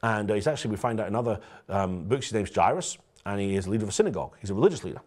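Fast-talking man preaching a conversational sermon. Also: lowish voice. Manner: storytelling, lively and direct, addresses the congregation. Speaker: pastor.

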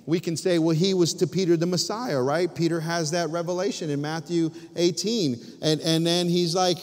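Male pastor, higher-pitched, emphatic sermon delivery with hushed drops, long church-hall reverb. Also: fairly even intonation, moderate pace. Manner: emphatic preaching with many restarts and dramatic drops to near-whispers. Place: church sanctuary.

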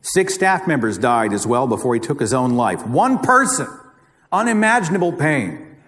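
A man's voice: medium pitch, sing-song, moderate pace, fairly bright tone. A man with an Oklahoma accent giving a live public talk, emphatic and dramatic, repeating phrases for effect. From Oklahoma, USA. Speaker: guest speaker. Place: lecture hall. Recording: reverberant hall recording.

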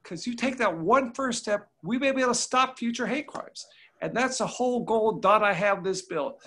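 A man's voice: very high voice, moderate pace, fairly bright tone. A man, a congressman, speaking in a folksy, emphatic way and telling stories over a video call. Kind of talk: remote panel discussion.

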